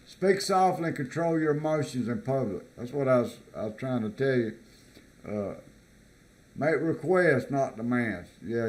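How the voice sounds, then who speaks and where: Casual american guy vlogging, reads a list and rambles on, lots of uh and restarts, middle pitch. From United States. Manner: rambling, halting, repeats words with many fillers. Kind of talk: casual commentary reading a list aloud.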